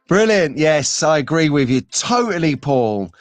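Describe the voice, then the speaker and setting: Chatty, excitable man hosting a live stream. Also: a little high, measured pace, hardly any pauses, clean tone, no echo. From England. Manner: chatty and excitable, gets frantic and loud at times. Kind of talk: casual live chat reading viewer comments.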